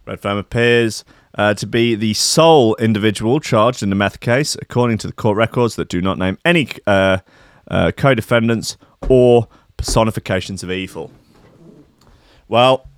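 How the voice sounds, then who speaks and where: A man's voice: on the low side, clean tone, no echo, clean studio sound. Sweary rambling man riffing. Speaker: host. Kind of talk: comedic news commentary.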